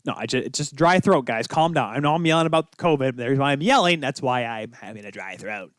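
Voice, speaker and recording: A man's voice: mid-range voice, expressive, a little fast, dry recording, studio quality. A young man hosting a sports podcast, talking solo in a rambling way, thinking aloud, his voice jumping up when he gets worked up. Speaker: podcast host.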